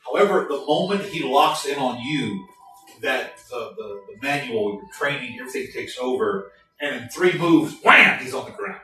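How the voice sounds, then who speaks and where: A man with a Southern accent narrating as game master, lively and halting, with frequent restarts. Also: medium pitch. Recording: very echoey room, mic far off, music behind.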